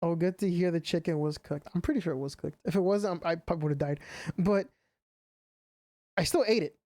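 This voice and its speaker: A man's voice: on the high side, fairly quick, darkish tone, no echo. A young man streaming a game, chatting casually and rambling with plenty of fillers. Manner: rambling, full of "like" and "you know" fillers. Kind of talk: casual chat while gaming.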